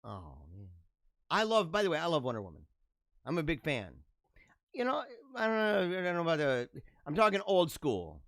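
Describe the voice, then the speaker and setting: A man's voice: fairly high pitch, wildly swooping pitch, a little fast, no room sound, studio quality. A man in his forties hosting a casual solo show, reacting to memes with jokey, chuckling asides. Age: 40s. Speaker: podcast host.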